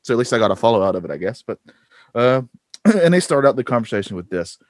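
A man's voice: medium pitch, very animated, fast, no echo, studio quality. A man co-hosting a podcast in casual chat, rambling with lots of fillers and restarts. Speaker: podcast co-host.

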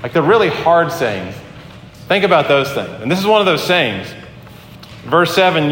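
A man preaches a sermon in a fairly high voice, talking earnestly and conversationally and often restarting his sentences. His voice rings out through a large hall with a long echo. A faint hum of the room sits behind him. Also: animated, normal speed, a bit bright. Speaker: pastor. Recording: echoey hall with faint ambience.

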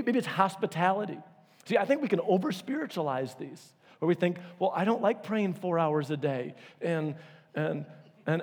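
A male pastor delivers a sermon in a church auditorium, his voice a touch high and slightly husky. He tells stories animatedly, acting out quotes with sudden leaps in pitch. A long reverb from the hall trails every phrase.

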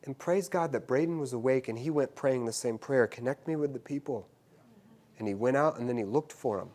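A man preaching a sermon, swinging between loud exclamations and hushed, quiet stretches, often repeating himself as he builds a point. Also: mid-range voice, fairly quick. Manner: repeats words and restarts phrases. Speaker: university teacher.

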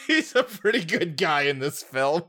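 A man's voice: on the high side, sing-song, measured pace, bright, forceful tone. A man co-hosting a casual podcast, recounting film scenes in detail and chuckling often. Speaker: podcast co-host. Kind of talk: casual movie recap chat.

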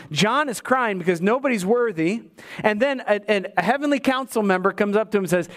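Man, pastor, high voice, lively church sermon, emphatic swings and wry asides. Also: brisk. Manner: lively preaching, rising to emphatic highs and dropping low; joking asides to the congregation.

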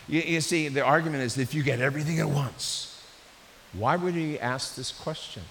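A man's voice: on the high side, moderate pace. Male pastor preaching in a big echoey hall. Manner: conversational, animated preaching with restarts. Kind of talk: sermon. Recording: echoey hall with faint hiss.

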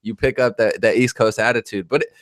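A man's voice: fairly low pitch, steady tone, quick pace, dry recording. A man from New Jersey hosting an interview, talking in a laid-back, joking, slangy way. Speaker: podcast host. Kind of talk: casual interview chat. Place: West Coast of the US.

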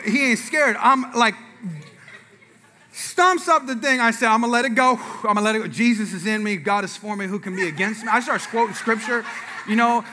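A man's voice: very high-pitched, bright, forceful tone. A man preaching a sermon in a church, telling a family story with acted-out dialogue and asides to the congregation. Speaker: pastor.

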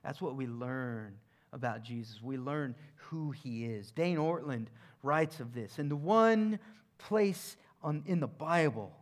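A man preaching a sermon in a conversational way, moving between emphatic points and quiet, hushed passages. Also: mid-range voice, takes it slowly.

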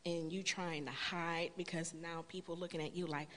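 A woman telling her personal story to a church congregation in an earnest storytelling way, building to a loud, emphatic appeal. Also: fairly low pitch, fairly even intonation, normal speed. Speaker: church speaker sharing testimony. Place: church sanctuary. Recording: long hall reverb.

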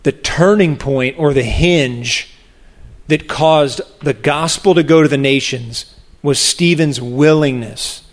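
A man preaching a sermon, animated and expressive, acting out the voices of people in the story. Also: takes it slowly. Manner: animated, acts out voices of the crowd with big pitch jumps.

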